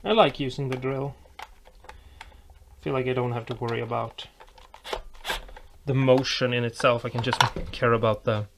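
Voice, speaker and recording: A man building an electric guitar, thinking aloud in a relaxed way with fillers and restarts. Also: medium pitch, normal speed, pauses often, noisy background. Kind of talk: casual workshop narration.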